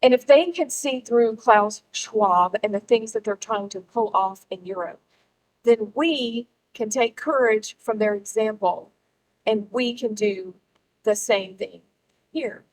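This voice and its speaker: A woman's voice: on the high side, low-quality recording. Woman giving a rallying speech. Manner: emphatic, rallying, with pauses for effect. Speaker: speaker at a political gathering. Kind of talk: public speech to a live audience.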